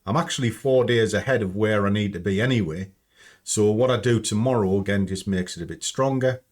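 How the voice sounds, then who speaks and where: A man hosts a trading channel from home, walking through his screen share in a chatty, blunt way and swearing freely. His voice is lowish, a little mellow, and fairly quick.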